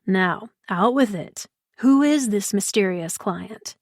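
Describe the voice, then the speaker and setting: A woman narrator voicing a calm, attentive man who looks after his girlfriend in an audiobook. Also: mid-range voice, takes it slowly, no echo, studio quality. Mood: warm. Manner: calm and solicitous. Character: attentive, caring man, a boyfriend.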